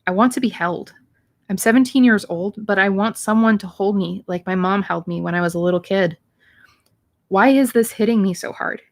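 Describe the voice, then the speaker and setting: A woman's voice: medium pitch, normal speed. A woman, a teacher, reading a novel aloud in plain narration, lightly voicing the dialogue, with occasional slips and restarts.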